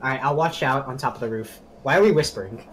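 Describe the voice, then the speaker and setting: A man chatting with friends while playing a game, goofy and excitable, cracking jokes. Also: mid-range voice, quick pace, a little hiss or hum. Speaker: player. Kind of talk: casual multiplayer gaming chat.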